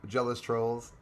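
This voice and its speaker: A man's voice: medium pitch, gravelly, slight background noise. A man from Canada hosting a casual livestream, chatty, thanking viewers by name and laughing often. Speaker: livestream host.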